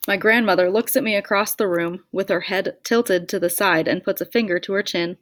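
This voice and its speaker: A woman's voice: mid-range voice, moderate pace, hardly any pauses, no room sound. A woman reading a first-person audiobook with a wry, self-deprecating way of telling it. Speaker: audiobook narrator.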